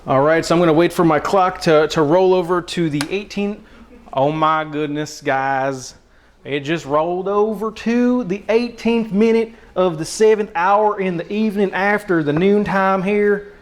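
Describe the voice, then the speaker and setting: A high-voiced man hosting a cooking livestream from his home kitchen. He talks in a loose, chatty way, speaking straight to his viewers. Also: steady tone, a little slow. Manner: chatty, addresses chat directly. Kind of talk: casual livestream chat.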